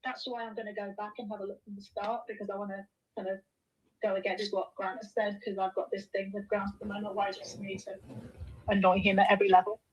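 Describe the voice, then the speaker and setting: A woman speaking as a guest on a live stream, breezy and fast, over muffled lo-fi call audio. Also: mid-range voice, flat delivery, a little hiss or hum. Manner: fast, breezy, says like a lot. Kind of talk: casual chat.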